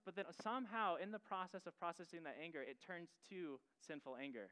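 A man's voice: on the high side, fairly quick, hardly any pauses, sharp tone, clean tone, rough recording. A male pastor preaching a sermon in a casual, conversational way, asking the audience questions directly.

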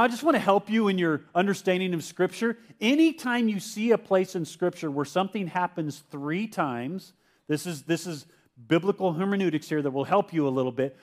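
A male pastor giving a conversational sermon and asking his congregation questions. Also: high-pitched. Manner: acts out Peter's confused voice.

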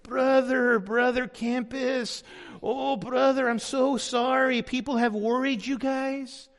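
Guy doing a soft sick man w/ a spanish accent, higher and slow, reassuring, echoey hall. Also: fairly even intonation, full character voice. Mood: tender. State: ill in a hospital bed. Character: humble sick man on the phone. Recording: long hall reverb.

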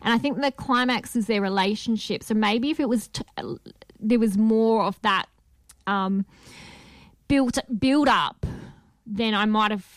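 A woman's voice: medium pitch, measured pace, no room sound. A woman co-hosting a film podcast, chatting casually and affirming often. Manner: chatty, affirming with frequent yeahs. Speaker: podcast co-host. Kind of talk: casual film review chat.

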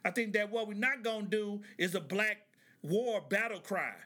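A man hosting a podcast in casual comedic commentary, animated and joking, laughing often as he riffs. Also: sits high, moderate pace. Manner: animated, joking, laughs often, reads articles aloud with asides. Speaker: podcast host.

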